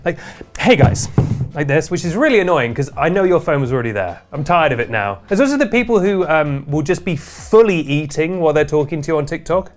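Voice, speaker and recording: A man's voice: on the high side, expressive, quick pace, hardly any pauses. A man with an English accent hosting a comedic video essay, wry and jokey. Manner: wry, jokey, slips into impressions. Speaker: host.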